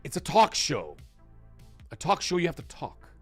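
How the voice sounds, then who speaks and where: A man hosting a live gaming talk show, chatting casually and thanking viewers from chat in a rambling, animated way. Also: a little high, normal speed, husky, faint music behind. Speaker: livestream talk show host.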